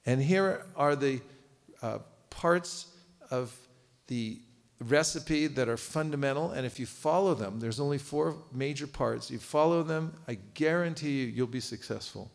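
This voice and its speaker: A man's voice: medium pitch, unhurried, vocal fry. A man giving a live seminar lecture, quizzing his audience and cracking jokes. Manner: lively, quizzes audience, joking asides. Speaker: seminar teacher. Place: temple cultural hall.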